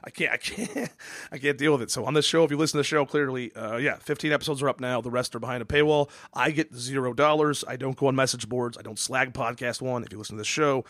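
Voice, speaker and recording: A man's voice: medium pitch, fairly even intonation, fast, hardly any pauses, fairly bright tone, dry recording, studio quality. A man hosting a casual podcast chat, rambling and swearing with many stammered restarts. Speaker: podcast host.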